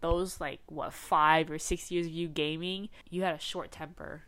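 Young woman with a lowish voice, teasing. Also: fairly even intonation, moderate pace, a bit bright. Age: young adult. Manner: teasing, frank, laughs easily. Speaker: podcast co-host. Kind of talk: casual sibling chat. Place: bedroom, sitting on a bed.

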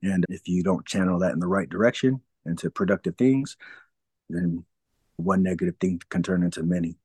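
A man with a very low voice tells his own story as an interview guest. He is frank, laughs through hard memories and acts out old conversations. The sound is dry and close, with no room echo. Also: moderate pace, darkish tone, husky. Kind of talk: candid personal storytelling.

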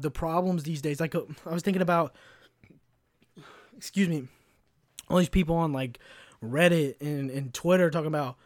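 A man's voice: fairly high pitch, no echo, clean studio sound. A man hosting his own podcast, ranting in a casual, sarcastic and heavily profane way. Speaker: podcast host. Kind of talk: casual solo rant.

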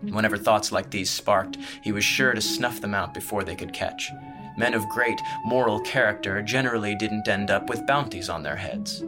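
A man narrates a fantasy tale in a steady, measured reading voice. His voice sits on the low side, and he keeps an even storytelling pace throughout. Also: over music. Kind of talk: scripted audiobook narration.

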